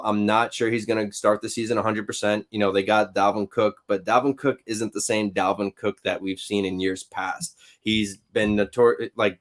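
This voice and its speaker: A man giving measured, analytical commentary as a guest on a sports podcast, with frequent hesitations. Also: lowish voice.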